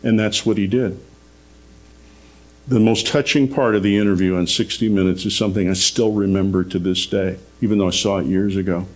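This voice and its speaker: A man's voice: lowish voice, steady tone, brisk. A man preaching a radio sermon, telling a story earnestly and rising in emphasis on his key points.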